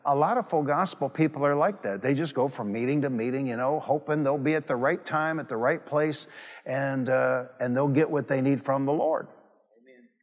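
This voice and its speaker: A male pastor delivers a sermon in a church. His mid-pitched voice carries a long reverb from the big hall around him. He tells his stories with emphatic repetition. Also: normal speed. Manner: storytelling, repeats phrases for emphasis.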